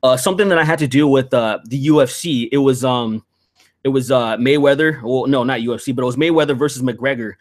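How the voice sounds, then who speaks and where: A man hosting a casual podcast chat, telling stories in an animated, profanity-laced rant. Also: medium pitch, a little fast. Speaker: podcast host.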